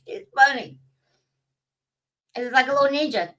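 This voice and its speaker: A woman's voice: on the high side, animated, moderate pace, pauses often, a bit bright, far from the mic, poor audio. A woman, talking in a blunt, profane, casual vlog rant and laughing at her own stories. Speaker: vlogger. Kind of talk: casual ranting monologue.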